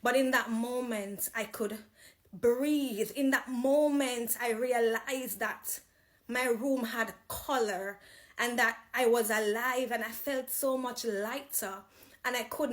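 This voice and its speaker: A woman with a Jamaican accent telling her personal faith testimony, reflective, with pauses and restarts. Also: a little high.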